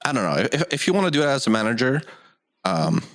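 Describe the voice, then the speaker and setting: A man's voice: mid-range voice, big pitch swings, fast talker, no room sound, clean studio sound. A young man co-hosting a casual podcast, giving opinions with stammering restarts. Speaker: podcast co-host. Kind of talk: casual chat.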